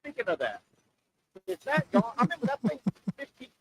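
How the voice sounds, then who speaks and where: A man hosting a live radio show from an open-air oyster bar, chatting loosely and joking in a rambling, animated way. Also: very high-pitched, fairly quick, slight background noise, poor audio. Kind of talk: casual radio chat.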